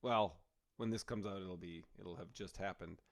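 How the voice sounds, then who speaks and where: A man's voice: low-pitched, moderate pace, vocal fry. A man co-hosting a podcast, a comedian telling stories in casual chat and acting out the people he quotes. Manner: animated storyteller, acts out quotes.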